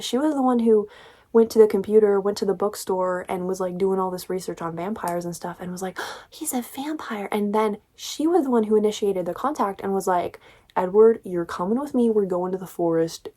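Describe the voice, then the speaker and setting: A woman's voice: medium pitch, dark tone. A woman in her twenties talking casually through a book review, chatty and exasperated, with lots of filler words.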